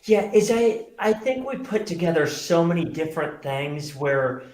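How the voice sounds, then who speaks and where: A man's voice: on the high side, very animated, normal speed, a little mellow. A middle-aged man, a magician and pastor, talking earnestly as a guest and telling stories with many fillers. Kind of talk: conversational interview. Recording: roomy echo.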